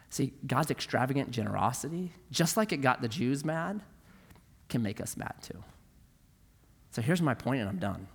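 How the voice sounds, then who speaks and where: The pastor, a middle-aged man, preaches with animated storytelling and acts out the voices of the people he describes. His medium-pitched voice is creaky and slightly rough at a normal speed, echoing with the long reverb of a large hall.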